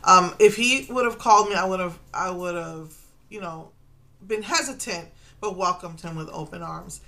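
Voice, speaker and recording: Middle-aged woman from Puerto Rico, bright voice, emotional confessional vlog, rambling with restarts. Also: lowish voice, moderate pace, gravelly. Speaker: vlogger. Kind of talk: personal confessional monologue.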